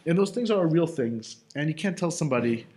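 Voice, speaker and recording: A man with a fairly high, animated voice and a darkish tone speaks a little fast as he teaches Torah. His casual, conversational delivery is filled with fillers and self-directed rhetorical questions.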